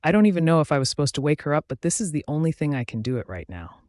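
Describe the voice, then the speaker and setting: A man's voice: fairly high pitch, big pitch swings, racing, a little mellow, no room sound. Man narrating a first-person audiobook, dry sound.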